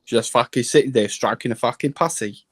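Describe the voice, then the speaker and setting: A woman's voice: very deep voice, brisk, husky. A woman on a livestream call, bantering in a brash, teasing way and swearing freely. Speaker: caller on a livestream. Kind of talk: casual banter.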